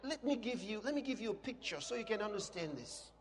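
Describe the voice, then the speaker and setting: A man preaching a sermon with passion, swinging between loud shouts and quieter asides. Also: high voice, big pitch swings, quick pace. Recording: long hall reverb.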